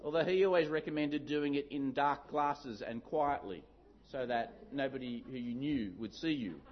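Animated man preaching a sermon. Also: mid-range voice, normal speed, a little hiss or hum. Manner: storytelling, animated with acted-out shouts. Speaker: pastor. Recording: dull lo-fi sound.

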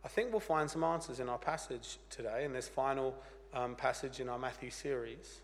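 A pastor with a croaky voice from a cold, preaching an earnest, plain-spoken sermon with light humor. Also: male voice, medium pitch, moderate pace, a little hiss or hum. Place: church. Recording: church hall reverb.

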